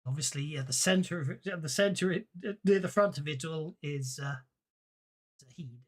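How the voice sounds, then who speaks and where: A man's voice: on the high side, moderate pace. A man running a tabletop horror game as game master, rambling and self-deprecating, laughing often.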